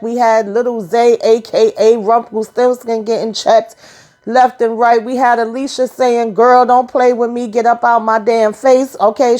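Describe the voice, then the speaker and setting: A woman giving a casual, sassy recap of a TV episode, talking straight to her viewers in animated, colloquial speech. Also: a little high. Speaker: TV recap vlogger.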